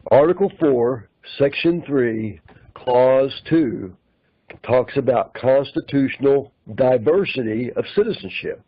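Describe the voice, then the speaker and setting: A man of average pitch explains legal points over a muffled, lo-fi call line. He cites articles and clauses one by one in a measured, lecturing manner. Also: animated, slightly rough. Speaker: caller.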